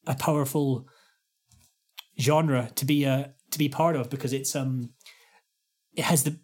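Guy on a video call chatting loose, rambling stories, booming fan impressions. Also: fairly even intonation, a little slow. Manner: rambling storyteller, mimics fans loudly. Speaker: guest musician. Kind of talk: casual chat.

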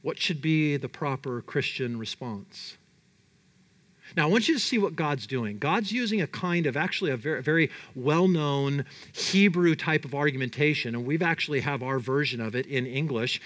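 Man, pastor, sermon, conversational, asks the audience questions, high voice. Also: animated, moderate pace, fairly bright tone.

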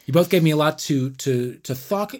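A man hosting and judging a comedy podcast game, announcing in a deadpan, mock-formal way. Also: on the high side, normal speed. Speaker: game show host and judge.

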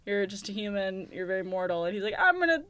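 A young woman chats on a podcast at a middling pitch. Her talk is casual and wry, full of joking asides and quick reactions. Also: level tone, no room sound. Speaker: podcast co-host. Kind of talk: casual chat about TV shows.

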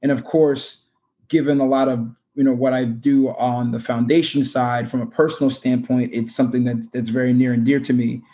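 A man's voice: medium pitch, level tone, normal speed, mellow, highs cut off. A man speaking as a podcast guest in an earnest, rambling way with many fillers. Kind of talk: casual interview talk.

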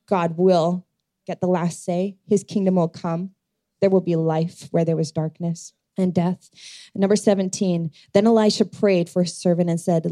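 Woman pastor preaching, low-ish mellow voice, dry close sound, earnest storytelling. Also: steady tone, moderate pace, no echo. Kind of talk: sermon.

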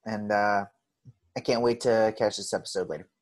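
A man's voice: lowish voice, normal speed. A man calling in to a podcast, hesitant and mumbling. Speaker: caller. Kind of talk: casual chat.

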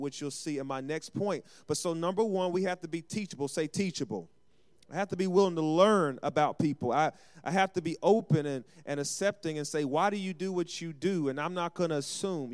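A man's voice: on the high side, a little mellow, clean tone. A man preaching a sermon as pastor, calling for amens and acting out short everyday exchanges. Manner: call-and-response preaching with acted asides.

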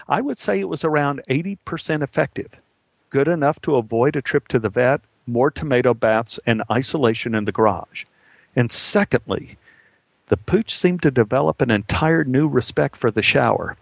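Man, storytelling monologue, wry dry humor, medium pitch, dry close recording. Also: animated, normal speed, creaky, no room sound.

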